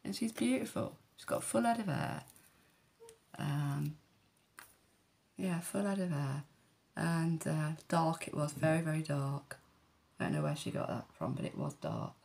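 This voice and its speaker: A woman's voice: sits low, big pitch swings, measured pace, creaky, pauses often, a little mellow. A woman, telling a personal story candidly and bluntly, with rambling asides and frequent swearing. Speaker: vlogger.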